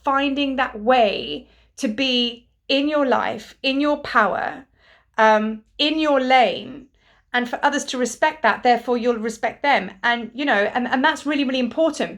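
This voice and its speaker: A woman, a spiritual teacher, talking earnestly and rambling a little, with the odd casual swear. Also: high voice. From Britain. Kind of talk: casual spiritual talk to camera.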